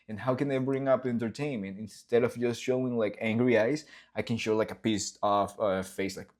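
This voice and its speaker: Lively man explaining his storyboards. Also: mid-range voice, moderate pace. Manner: enthusiastic, acts out scenes with sound effects and swearing. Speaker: animator walking through his storyboards. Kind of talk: casual behind-the-scenes vlog.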